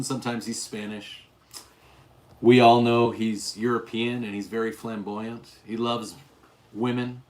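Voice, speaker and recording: Chatty middle-aged man hosting a livestream. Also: fairly low pitch. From Utah, US. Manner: chatty, reads viewer names aloud. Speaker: livestream host. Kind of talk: casual livestream chat.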